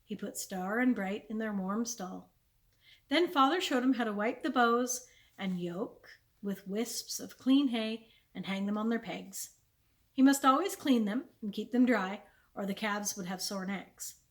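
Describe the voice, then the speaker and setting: A woman, a children's librarian, reading a chapter book aloud with clear, expressive storytelling. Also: mid-range voice, a little slow.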